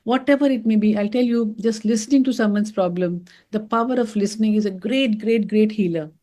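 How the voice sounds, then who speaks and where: A woman's voice: medium pitch, brisk. A middle-aged woman giving a motivational talk, telling stories and calling her listeners friends. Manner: animated storytelling, addresses listeners as friends. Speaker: doctor giving a wellness talk.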